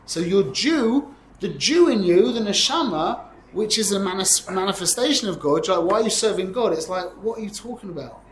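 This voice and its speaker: A man teaching a lively Torah class to students, animated and quick to correct himself, using Hebrew and Yiddish terms. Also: sits high, reverberant, slight background noise, low-quality recording.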